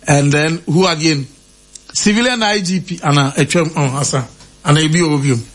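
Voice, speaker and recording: Male radio host, high voice, casual chat, reads out listener comments and laughs a lot. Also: moderate pace. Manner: reads out names and quotes, laughing often.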